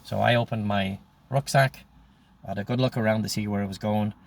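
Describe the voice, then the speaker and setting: Gravelly man in his sixties telling a story. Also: on the low side, fairly even intonation. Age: 60s. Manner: blunt, profane and intense, with halting restarts. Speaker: storyteller recounting his life. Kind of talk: personal storytelling monologue.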